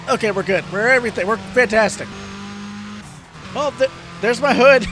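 A man hosting a let's play of a racing game, excitable, yelping and cursing at the game and joking about his own driving. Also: extremely high pitch, brisk. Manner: self-deprecating joking. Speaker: gaming video host. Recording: game music behind.

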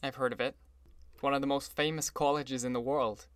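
A brooding, sentimental old gangster , as a male narrator puts him on, lingers over his words at an unhurried pace. The voice sits at a middling pitch and sounds dry and close, with no room around it. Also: fairly even intonation, clear, resonant tone, no echo, lightly acted. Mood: admiring.

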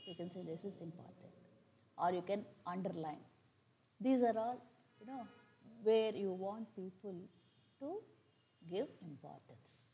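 A woman's voice: mid-range voice, warm tone, poor audio. An older woman from India with an Indian English accent, giving a classroom lecture, explaining step by step with frequent fillers. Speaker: college lecturer.

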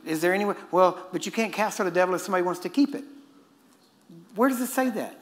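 A man's voice: high-pitched, fast. A man preaching a sermon, emphatic and constantly quizzing his listeners. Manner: emphatic, questioning the audience.

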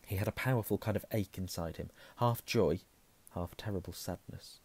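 A hoarse man reading a novel aloud, hushing at tense moments and correcting himself. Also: low voice, moderate pace. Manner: self-correcting, softening to a hush at tense moments. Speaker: reader.

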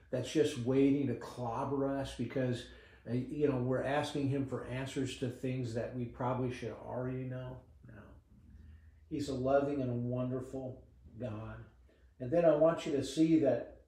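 A middle-aged man delivers a devotional sermon in an earnest, gentle way, stumbling over the odd word and filling pauses with "uh." His voice is warm and mellow. It rings around a very echoey room, picked up from a distance. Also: medium pitch. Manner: earnest, gentle preaching with frequent "uh" fillers and repeated words. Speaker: pastor.

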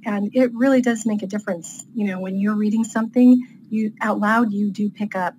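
A woman author explains writing rules in a chatty, loose manner, with plenty of fillers. Her voice is at a middle pitch, with faint noise in the background. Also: fairly even intonation, fairly quick, a little mellow, rough recording. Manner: chatty, with frequent fillers and light laughs. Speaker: author guest. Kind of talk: casual teaching interview.

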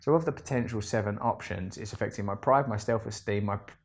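A man telling a rambling storytime monologue, animated and self-deprecating, swinging between loud bursts and low asides. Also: fast. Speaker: vlogger.

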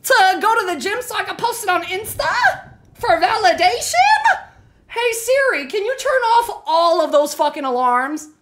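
A young woman streaming a horror game, swearing freely and breaking into yells and laughter as she talks to her chat. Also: extremely high pitch, animated, moderate pace, heavy background noise. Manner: loud, swearing, bursts into yelling and laughter. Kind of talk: live gameplay commentary.

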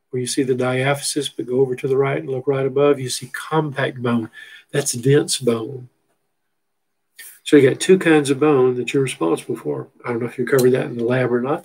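Middle-aged male biology instructor, husky, folksy, repeats key terms, asks rhetorical questions. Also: medium pitch, darkish tone, poor audio. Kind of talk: recorded lecture walking through a textbook figure.

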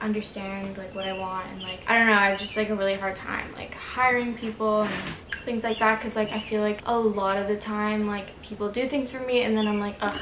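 A young woman in her twenties, talking casually through an apartment vlog. She rambles candidly and uses "like" constantly. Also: mid-range voice. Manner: rambling, heavy use of "like", candid. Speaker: vlogger. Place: apartment, indoors. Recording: echoey room with background noise.

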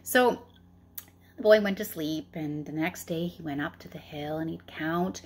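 Slow, breathy woman telling a story. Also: deep voice. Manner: expressive, chatty storytelling with fillers. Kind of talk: storybook reading aloud.

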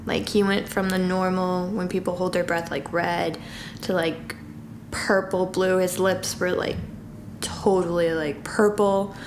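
Tearful mom telling a hard story. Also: female voice, fairly low pitch, little pitch movement, background noise. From Southern California. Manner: halting, with fillers and nervous laughs. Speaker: vlogging mom. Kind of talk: emotional personal account.

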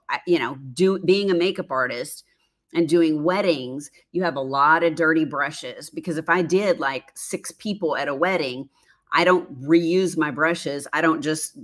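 A woman in her fifties chatting casually on a live stream, reading viewer comments with frequent laughs and rambling asides. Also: sits low. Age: 50s. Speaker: livestream host, former makeup artist.

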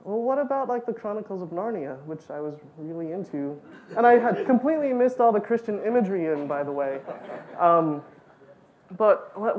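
A woman speaking at a student gathering, spinning a personal story with animated, self-mocking energy. Her voice sits at an ordinary middle pitch, and she peppers her talk with "like" and bursts of laughter. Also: a little fast, lo-fi sound.

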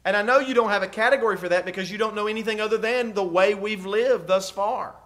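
A pastor preaches in a fairly high voice. He drops to near-quiet, then rises to loud emphasis, and keeps putting questions to his listeners. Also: fast. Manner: preacher's rhetorical questions, swings from soft to loud. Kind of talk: sermon.

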